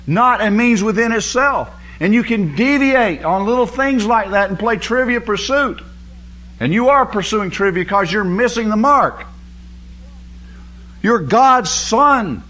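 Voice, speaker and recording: A man's voice: sits high, a bit bright. A man teaching a sermon on scripture, emphatic and repeating words for stress. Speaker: Bible teacher.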